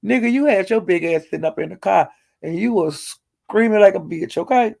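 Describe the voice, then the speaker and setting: A man with a high, gravelly voice tells a gossipy recap of a livestream in loose, slangy talk. He is animated and breaks into laughter often. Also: brisk. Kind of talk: casual storytelling recap.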